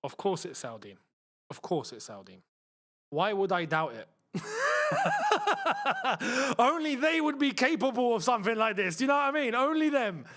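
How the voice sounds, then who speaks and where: Young man, London accent, live watchalong host, excitable, mutters to himself, swooping voice. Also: high-pitched, brisk. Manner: chatty, excitable, muttering to himself while fiddling with the screen. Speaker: football channel host.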